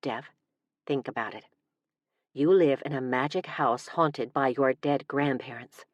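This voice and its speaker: A woman's voice: rumbling low, measured pace, no echo, dull audio. A woman narrator voicing an anxious young female witch who pleads urgently with her friend.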